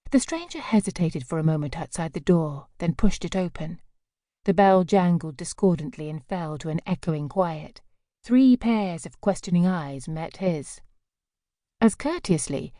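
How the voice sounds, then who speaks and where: A woman narrating a novel as an audiobook in a measured storytelling manner. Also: on the low side, lively intonation, warm tone, no room sound, clean studio sound.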